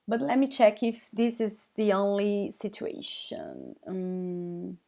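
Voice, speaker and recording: A woman with a Brazilian accent, a native Portuguese speaker, teaching a live online language lesson in English, halting and full of fillers, checking in with viewers often. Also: mid-range voice, big pitch swings, gravelly, mellow. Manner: slow, halting, many fillers and restarts; addresses viewers as guys, checks with okay.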